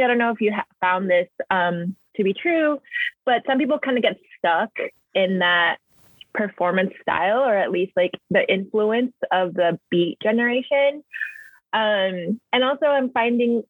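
Husky woman poet over a phone line. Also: mid-range voice, dry recording. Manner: rambling, many fillers like "like" and "um". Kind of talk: casual conversation. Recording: tinny phone line, dry.

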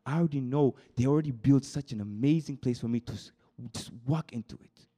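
Preaching to a youth group, a young man shifts from soft, confiding words into high, excited bursts. He often repeats words and restarts sentences, and his pace runs a little fast.

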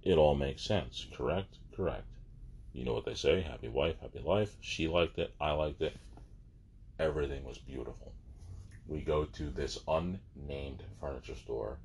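Deep-voiced man ranting in exasperation. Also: normal speed, gravelly, darkish tone, husky. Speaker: vlogger. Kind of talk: casual storytelling.

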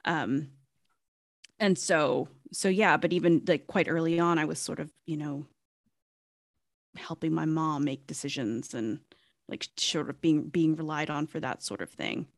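A woman in her thirties co-hosts a podcast, her voice sitting low and her pace a little slow. She chats casually and rambles, with lots of fillers and restarts. The recording is studio quality with no echo.

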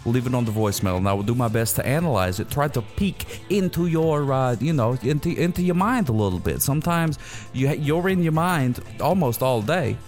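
A man's voice: medium pitch, lively intonation, brisk, a little mellow, faint music behind. A man hosting a comedy radio show, rambling goofily and giving mock-serious advice. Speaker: host.

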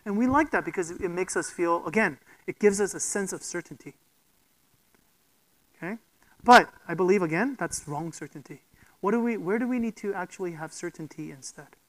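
A preacher delivers a sermon in a voice of middling pitch. The delivery is emphatic and built around rhetorical questions, with frequent check-ins with the listeners. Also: normal speed, poor audio.

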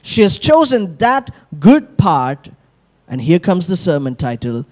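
A male pastor preaching a sermon, animated and calling on the congregation to repeat lines after him. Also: high-pitched, a little slow. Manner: animated, calls for congregation responses.

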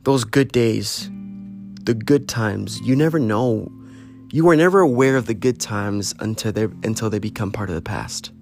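Earnest man pleading softly over faint guitar. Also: fairly low pitch, normal speed, vocal fry. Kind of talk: personal heartfelt monologue. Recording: faint guitar music behind.

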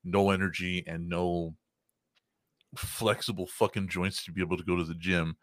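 A young man rambles through his week on a podcast, swearing freely and piling up fillers as he tells stories. His voice sits low, recorded dry and close with no room sound. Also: little pitch movement, normal speed, fairly bright tone, dry recording. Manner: rambling, profane storytelling with frequent fillers. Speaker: podcast host. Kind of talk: casual chat.

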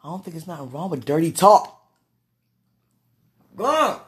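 A woman's voice: sits low, quick pace. A woman vlogging in a casual, gushing way, praying aloud and laughing between breathless exclamations. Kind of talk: casual talk to camera and prayer.

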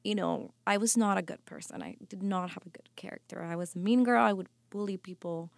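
Earnest woman with gravelly voice. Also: mid-range voice, a little fast, no echo. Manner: earnest, emotional storytelling with frequent restarts. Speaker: podcast guest, life coach. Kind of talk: personal testimony in interview.

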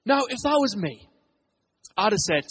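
A British pastor preaches with restless energy, his voice sitting high for a man. He tells stories fast, stumbling and repeating words as he goes. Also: sing-song, a bit bright, husky. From England. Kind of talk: sermon.

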